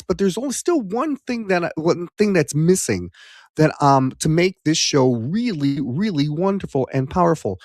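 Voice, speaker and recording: A man's voice: fairly high pitch, dry recording, clean studio sound. A man hosting a live-streamed talk show, joking with the audience in a playful, showy way with lots of fillers. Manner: jokey, showman energy, many fillers.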